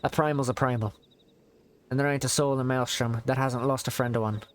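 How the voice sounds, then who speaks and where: A man voicing a hearty, gruff male naval commander in a game, with a wavering put-on accent. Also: medium pitch, fairly even intonation, a little fast, close to an everyday voice.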